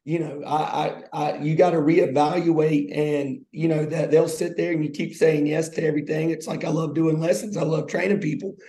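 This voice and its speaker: Gravelly man chatting casually. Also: a little high, steady tone, moderate pace, few pauses, dark tone. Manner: informal and slangy, says "bro" and "man". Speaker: podcast co-host, athletic trainer. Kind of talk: casual chat. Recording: roomy echo.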